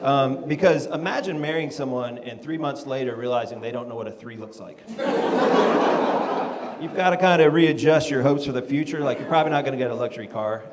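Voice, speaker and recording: A man's voice: medium pitch, brisk, a loud crowd. Self-deprecating male stand-up comic. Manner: self-deprecating, laid-back with frequent ums. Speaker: stand-up comedian. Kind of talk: stand-up comedy set. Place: comedy club stage. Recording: live club recording with long reverb and noise.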